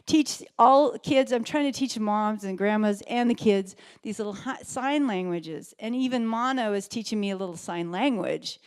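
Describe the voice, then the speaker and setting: A woman's voice: mid-range voice, normal speed, hardly any pauses, clean tone. A woman giving an earnest, rambling, chatty talk to a live audience as a summit speaker and ukulele teacher. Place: event hall. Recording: echoey hall with ukulele music.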